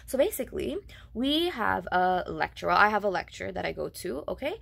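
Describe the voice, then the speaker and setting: Young woman, Tamil first language, casual vlog rant, animated, exasperated, filler-heavy. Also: mid-range voice, fairly quick, vocal fry. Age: young adult. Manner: animated, exasperated ranting with frequent "like" and "okay". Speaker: vlogger.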